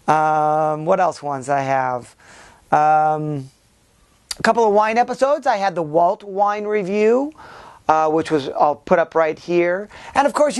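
A man talks straight to his viewers in a loose, unscripted year-end vlog. He circles around his points, pauses often with filler sounds and restarts his sentences. His tone stays warm and thankful toward his audience. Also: high voice. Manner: rambling and hesitant, with frequent filler sounds and restarts. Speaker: YouTube channel host.

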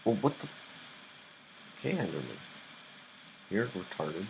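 A young man talks himself through a game, jumpy and easily startled. His voice sits low and his pace is slow and drawn out. A steady hiss of noise runs under the home recording. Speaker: gamer playing live. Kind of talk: live gameplay commentary.

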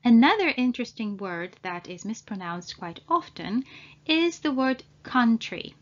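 Woman teaching slow careful pronunciation. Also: a little high, sing-song, dull audio. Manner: slow, deliberate, spells out sounds. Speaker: language trainer. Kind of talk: English pronunciation lesson.

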